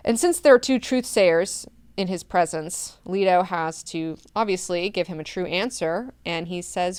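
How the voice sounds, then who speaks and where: Chatty, irreverent woman with a clear voice. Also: fairly low pitch, measured pace, hardly any pauses, darkish tone, dry recording. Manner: chatty, irreverent, swears often. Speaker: book club host. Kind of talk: casual book recap.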